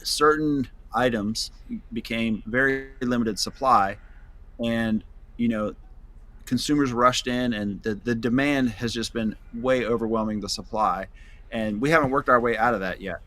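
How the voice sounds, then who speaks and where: Bright-voiced man rambling about vans. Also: mid-range voice, measured pace. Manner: loose and rambling, many fillers and restarts. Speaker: van company founder, guest. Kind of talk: casual podcast interview.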